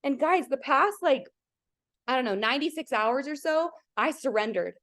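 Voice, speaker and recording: Earnest woman, slightly high, telling a story. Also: lively intonation, moderate pace, a bit bright. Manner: emotional, earnest, heavy use of "like", addresses the audience directly. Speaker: team leader hosting a coaching call. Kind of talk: motivational storytelling on a live video call.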